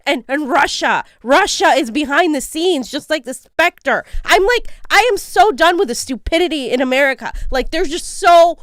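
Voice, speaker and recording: A woman's voice: high voice, expressive, normal speed, hardly any pauses, fairly bright tone, dry recording, studio quality. A woman co-hosting a political commentary show, ranting in an exasperated way and repeating words as she talks. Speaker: co-host.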